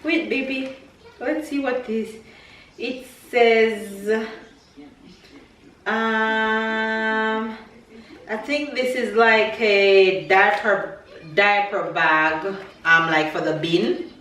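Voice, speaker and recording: A woman's voice: a little high, steady tone, extremely slow, long pauses, far from the mic, faint music behind. Emotional mother vlogging, echoey room. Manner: emotional, teary and laughing, speaking gently to her child. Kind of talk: casual family vlog, unboxing a package.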